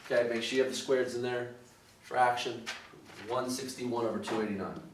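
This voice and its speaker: A man's voice: mid-range voice, fairly even intonation, fairly quick, recorded from a distance. A man teaching a math lesson, working through problems step by step with frequent "okay" and "all right" checks. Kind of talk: recorded math lesson walkthrough. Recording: echoey room, voice somewhat off-mic, clear background noise.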